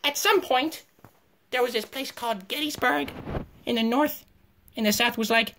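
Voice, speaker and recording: A woman's voice: a little high, normal speed, a bit bright. A woman voicing a goofy cartoon giraffe who teaches history in an offhand, crude way, full of fillers and swearing. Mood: flippant. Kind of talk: comedic cartoon narration.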